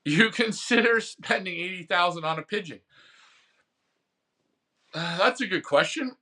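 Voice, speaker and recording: Guy rambling about auctions, bit high voice, bright and forceful, acts out the phone bids. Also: unhurried. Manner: reads and answers viewer comments. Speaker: host of a pigeon racing show. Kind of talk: casual live-stream chat.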